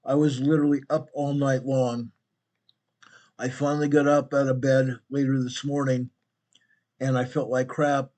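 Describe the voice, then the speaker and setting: A man hosting a talk show, hoarse and losing his voice from laryngitis, speaking bluntly and calling his listeners "guys". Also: medium pitch, flat delivery, moderate pace, long pauses, a little mellow. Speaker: host. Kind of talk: casual political talk show.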